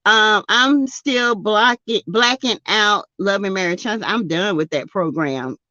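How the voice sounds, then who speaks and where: A woman with a Southern US accent hosting a casual live stream, greeting chatters by name and laughing loudly and often. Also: medium pitch, unhurried, dry recording, dull audio. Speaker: YouTube live-stream host. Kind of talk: casual live-stream chat reading comments.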